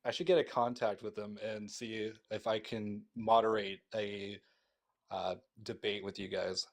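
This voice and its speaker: A man's voice: on the low side, fairly even intonation, a little slow. A man calling into a live stream to give the host a teasing, mock-serious critique. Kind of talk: casual teasing chat.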